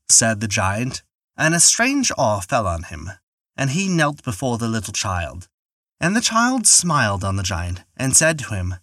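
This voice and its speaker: A man narrates a folk tale in measured, expressive storytelling. His voice moves freely up and down and sounds bright. The recording is close and dry. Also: medium pitch, dry recording. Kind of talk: scripted narration.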